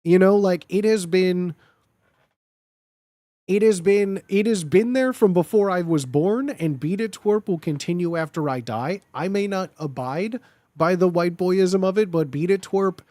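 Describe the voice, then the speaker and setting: Young guy ranking phrases for laughs, fairly high voice, dry close sound, mock serious. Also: a little slow, no echo. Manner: animated, mock-serious, repeats catchphrases in put-on voices. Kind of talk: comedic tier-list riffing.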